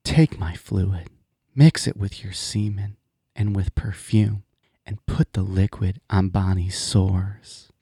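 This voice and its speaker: A man on a podcast putting on the slow, seductive voice of a vision. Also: steady tone, dark tone, husky, no room sound, studio quality, heavily acted. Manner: slow, low, sultry. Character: seductive talking vagina from a vision.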